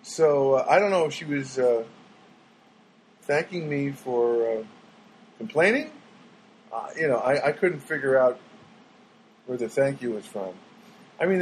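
A man's voice: medium pitch, animated, normal speed, long pauses, a little hiss or hum, low-quality recording. A man vlogging in a casual, rambling monologue that keeps swinging into exasperated rants.

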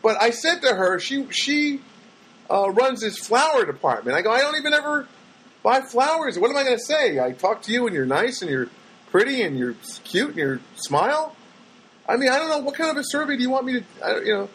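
A man's voice: very high-pitched, a little fast, slightly rough, rough recording. A man telling rambling everyday stories in a casual monologue, acting out the voices of people he met. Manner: rambling, animated, acts out voices of people he quotes.

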